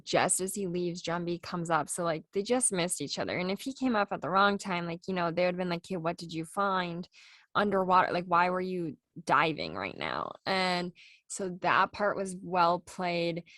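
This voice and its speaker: A young woman with a fairly low voice talks as a podcast co-host. She walks through a show's plot in a plain, matter-of-fact way. The sound is dry and close. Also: fairly bright tone, dry recording. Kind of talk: casual chat reviewing a TV show.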